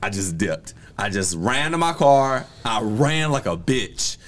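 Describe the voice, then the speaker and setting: A man, hosting a podcast and telling a story in a lively, laughing way that bursts into yelling. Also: on the low side, measured pace. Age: 30s. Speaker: podcast host. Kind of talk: casual storytelling chat.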